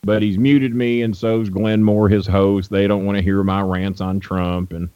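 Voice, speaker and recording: An older man with a low voice tells rambling, blunt stories on a radio show. His speech is full of fillers and restarts. The dry, dull lo-fi audio sounds like an old broadcast. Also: little pitch movement, moderate pace, clear, resonant tone, no room sound. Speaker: guest wrestling manager. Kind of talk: storytelling in a radio interview.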